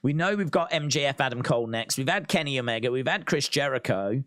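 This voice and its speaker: Male streamer, casual talky commentary, reads chat, mid pitch, dry close sound. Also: expressive, quick pace, a bit bright, no room sound. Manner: chatty, reads out viewer comments, laughs often. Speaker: wrestling watch-along streamer.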